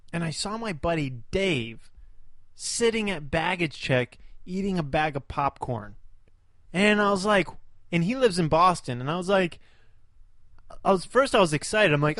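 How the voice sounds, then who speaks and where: A young man chatting on a podcast, his fairly high voice close and dry with no room around it. He rambles through his stories, stopping to laugh often. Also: a bit bright, no echo. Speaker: podcast co-host. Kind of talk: casual chat.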